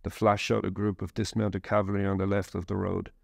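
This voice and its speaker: A man reads a first-person war memoir in a measured, steady way. His low voice has a gravelly edge and stays flat in pitch. The sound is close and dry. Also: dry recording. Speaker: narrator.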